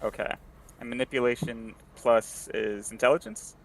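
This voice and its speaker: A man's voice: medium pitch, fairly even intonation, normal speed, gravelly, low-quality recording. A man playing a tabletop role-playing game, talking casually and hesitantly, with restarts and fillers. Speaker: player.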